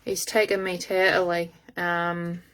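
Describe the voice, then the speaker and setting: A woman giving a live-streamed psychic reading over her phone, talking in a halting way as she searches aloud for words. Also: lowish voice, level tone, fairly bright tone. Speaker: psychic medium.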